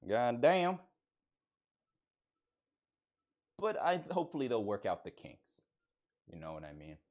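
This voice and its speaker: A man's voice: mid-range voice, huge pitch swings, normal speed, darkish tone. A man putting on a brash, hot-blooded Southern American persona with a Southern US accent, boastful and folksy. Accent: Southern US (put on).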